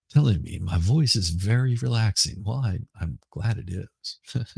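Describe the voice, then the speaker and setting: A middle-aged man with a Southern accent talks casually on his livestream. His voice is hoarse and gravelly, very deep and unhurried. He rambles and repeats himself in a dry, close recording. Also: darkish tone, dry recording. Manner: rambling, halting, repeats words. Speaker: livestream host. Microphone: headphones with mic.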